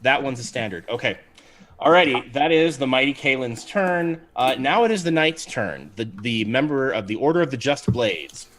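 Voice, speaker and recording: A man's voice: mid-range voice, animated, normal speed, fairly bright tone. A man acting as game master, narrating a tabletop game on a livestream in an easygoing, chatty way with frequent ums.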